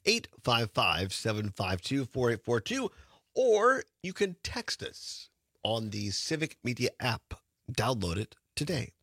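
A man's voice: mid-range voice, sing-song, measured pace, fairly bright tone, no room sound, studio quality. A man hosting a radio talk show, chatting casually and laughing often. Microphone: studio microphone.

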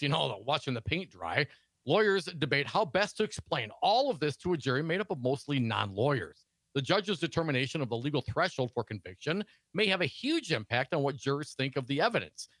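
A man's voice: medium pitch, a bit bright, no room sound. A man co-hosting a political talk show, reading news stories aloud and adding sarcastic asides.

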